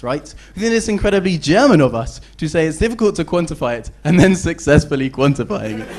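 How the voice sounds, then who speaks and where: A young man with a British accent giving a competitive debate speech, joking and playful, often ending points with tag questions. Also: on the high side.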